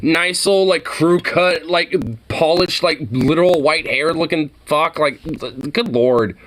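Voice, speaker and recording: A man's voice: on the high side, slow pace, a bit bright. A man giving a casual, profane reaction commentary, mocking and often laughing.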